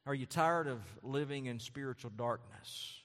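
A male pastor delivers a fervent sermon in a church sanctuary, his mid-range voice carrying a long reverb tail. He repeats key phrases and climbs into loud, soaring emphasis. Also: expressive, unhurried. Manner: impassioned preaching, repeating phrases, rising to loud high emphasis.

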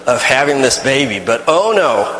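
A man's voice: mid-range voice, sing-song, normal speed, a bit bright, roomy sound, long reverb tail, slight background noise, low-quality recording. A man telling a first-person story in character, rambling and folksy, with many restarts.

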